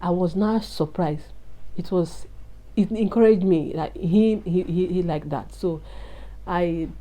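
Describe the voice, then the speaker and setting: Taking it slowly, a woman with a warm, lowish voice shares an emotional personal testimony as a vlogger. She's earnest and confiding, speaking to her viewers as "guys."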